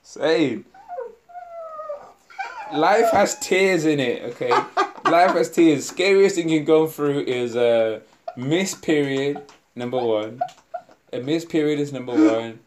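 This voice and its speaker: A man's voice: fairly high pitch, takes it slowly, pauses often, background noise. A man co-hosting a casual podcast, telling rambling stories with frequent laughter and swearing. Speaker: podcast co-host. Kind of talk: casual banter.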